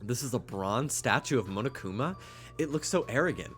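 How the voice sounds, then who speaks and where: Stuffed-up male streamer, lively delivery, reads game text, playful and joking. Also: medium pitch, fairly quick, soft background music. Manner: playful, stumbling over words, joking asides. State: stuffed up, congested. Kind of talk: reading game dialogue aloud on a stream.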